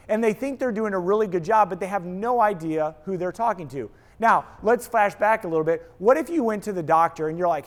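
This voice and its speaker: Man, high voice, energetic talk to an audience, storytelling with acted-out quotes. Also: fairly quick, hardly any pauses. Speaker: speaker, apologetics teacher.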